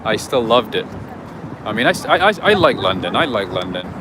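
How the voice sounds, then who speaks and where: A man's voice: lowish voice, very animated, fairly quick. A man hosting an unscripted walking livestream, chatting and rambling through stories outdoors on city streets. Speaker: livestream host. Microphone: handheld camera while walking. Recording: loud street traffic noise.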